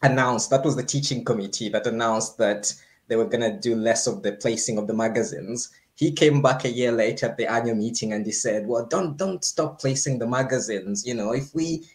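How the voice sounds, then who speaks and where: A man of ordinary, middle pitch speaks as a panelist on a livestream. He explains at length in a conversational way, often with small laughs mixed in. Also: a little fast.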